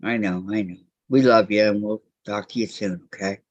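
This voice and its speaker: A woman's voice: extremely low pitch, fairly even intonation, normal speed, darkish tone, no room sound. A woman hosting a casual quilting live stream, chatting, laughing and reading viewer comments aloud. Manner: chatty, laughs often, reads chat aloud. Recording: muffled lo-fi dry audio.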